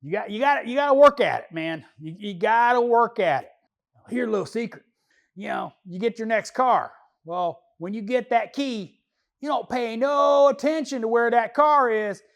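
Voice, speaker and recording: Man voicing a lazy slacker mechanic, squeaky high voice, gravelly fry, rambling slangy talk, comedy character. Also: lively intonation, moderate pace. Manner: rambling, slangy, joking, loose grammar. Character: lazy slacker male car mechanic, proud of dodging work. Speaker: auto mechanic.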